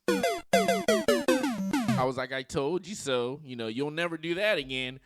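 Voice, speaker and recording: A man's voice: a little high, very animated, measured pace, pauses often, over loud music. A man in his forties giving casual dating commentary, telling stories in slang and mimicking voices.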